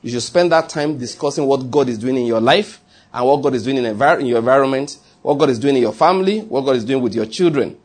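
A man's voice: medium pitch, fast talker, darkish tone. A man preaching a sermon as pastor, talking in a conversational way, repeating his key phrases and asking the congregation questions.

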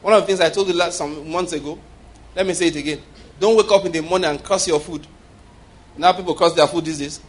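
A man's voice: on the high side, steady tone, fast talker. A man preaching a sermon with humor, often laughing and calling for responses from the congregation.

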